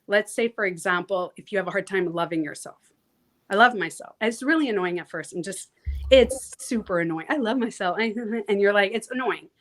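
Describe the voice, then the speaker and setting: Animated woman coach, casual and frank. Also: mid-range voice, moderate pace, slight background noise. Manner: animated, swears casually, acts out quotes. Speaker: transformation coach, guest. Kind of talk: casual interview talk.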